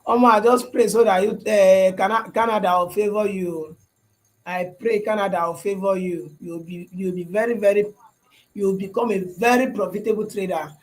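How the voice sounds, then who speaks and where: A young man with a Nigerian accent that slips into Pidgin chats with his livestream viewers. His voice sits high for a man, and he keeps repeating lines and checking "you understand?". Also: steady tone, normal speed, low-quality recording. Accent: Nigerian English with Pidgin. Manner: repetitive, asks "you understand?". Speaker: livestream host. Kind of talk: casual livestream chat with viewers.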